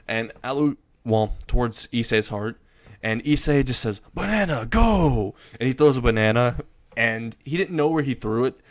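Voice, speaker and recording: A man casually retelling a fan story, narrating in a rambling way with chuckles. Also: mid-range voice.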